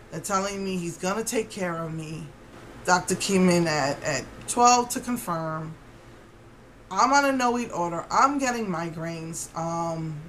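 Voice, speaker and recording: A woman's voice: lowish voice, a bit bright, slight background noise, rough recording. A woman vlogger telling a story to camera in an indignant, rambling way with many restarts.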